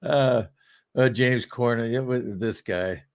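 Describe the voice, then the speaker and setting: A man's voice: medium pitch, takes it slowly. A man, a political cartoonist, chatting casually and agreeing with his co-host in plain terms.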